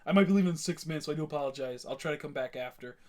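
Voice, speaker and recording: Fast-talking young man ranting on stream. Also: on the high side, a little mellow. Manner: rambling, blunt and ranting, with many fillers and restarts. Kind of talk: casual live-stream chat.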